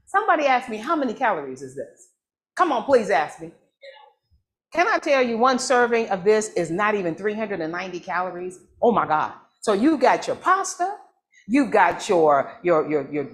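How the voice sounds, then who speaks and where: A woman hosting a church cooking demonstration, excitable and chatty, often repeating herself and calling out to her audience. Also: mid-range voice. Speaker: church cooking demo host.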